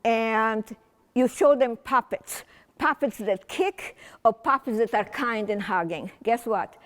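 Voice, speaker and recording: A woman with a highish voice speaks slowly, her words trailing a long reverb tail in a large community hall. She's an older Transylvanian guest speaker giving a chatty, whimsical public talk to a community audience, rambling and restarting.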